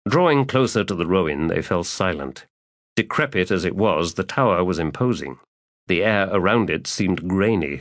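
A man reading a fantasy novel aloud as narrator, measured and even. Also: deep voice, no room sound, studio quality. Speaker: audiobook narrator. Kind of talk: scripted narration.

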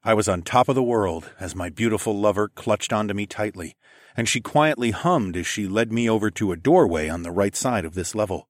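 A man's voice: lowish voice, expressive, brisk, no room sound, studio quality. A man reading a first-person story aloud in a casual, wry tone. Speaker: narrator.

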